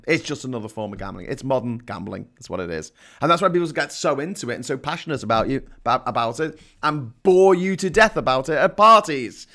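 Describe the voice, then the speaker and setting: A man's voice: mid-range voice, bright, forceful tone. A man with a Scouse accent hosting a live call-in stream, chatting and reading news headlines with sarcastic asides. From Liverpool, England. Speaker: live-stream chat show host. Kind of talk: casual chat reading headlines.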